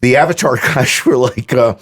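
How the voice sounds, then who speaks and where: A man guesting in a radio studio, telling animated stories with quick asides and frequent laughs. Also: mid-range voice, husky. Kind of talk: casual radio chat. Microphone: studio microphone.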